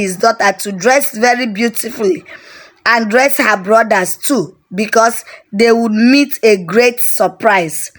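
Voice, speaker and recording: A woman with a Nigerian accent narrating a folk tale in a steady storybook manner. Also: on the high side.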